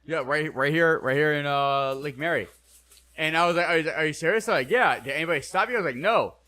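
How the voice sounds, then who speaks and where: Man, podcast host, casual chat, rambling, quick delivery, slightly high voice. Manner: rambling storyteller, quotes people in animated bursts.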